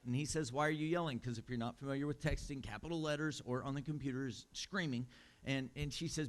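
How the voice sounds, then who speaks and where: A man's voice: medium pitch, fast talker. A man preaching a sermon as pastor, conversational with fillers and amused asides. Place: church.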